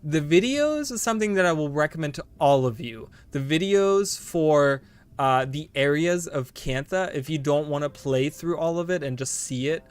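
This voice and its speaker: Male streamer, casual gameplay chatter, rambling and easily thrilled, clear voice on the high side. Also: normal speed. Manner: excitable, rambling, bursts of delighted exclamations; talks to viewers directly, swears casually. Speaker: game streamer. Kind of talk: casual live gameplay commentary.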